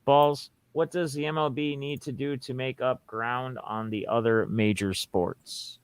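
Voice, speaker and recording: A man's voice: mid-range voice, fairly even intonation, unhurried, clean tone, no room sound. A man hosting a casual sports podcast, rambling through opinions and reading out listener questions. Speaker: podcast host.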